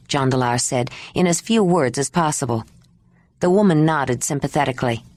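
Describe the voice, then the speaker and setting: A woman narrating an audiobook in an expressive reading style. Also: rumbling low, normal speed, no room sound, clean studio sound. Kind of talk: scripted narration.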